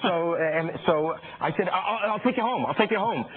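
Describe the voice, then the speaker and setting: A middle-aged man, a comedian guest, telling a story with animated energy, stumbling over quick restarts and repeated words. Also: high-pitched. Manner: stammering restarts, rapid repetitions. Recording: tinny phone-like radio broadcast with crowd.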